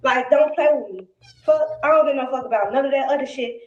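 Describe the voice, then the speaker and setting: A woman's voice: high voice, quick pace, muffled recording. A woman ranting angrily and defensively on a live stream, swearing often, repeating herself and raising her voice. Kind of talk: angry live-stream rant. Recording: echoey, noisy, played back with clicks.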